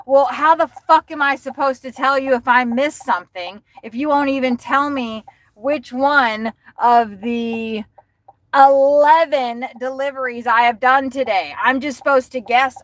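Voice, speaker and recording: A woman's voice: sits high, measured pace, no echo, low-quality recording. A woman delivery driver ranting angrily on a livestream from her car, swearing constantly. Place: inside a car while driving.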